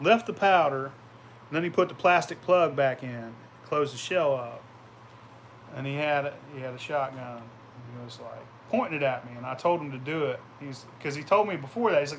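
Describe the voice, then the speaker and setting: A man's voice: mid-range voice, slight background noise. A man vlogging casually, telling rambling, profane anecdotes and laughing as he goes. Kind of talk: casual storytelling.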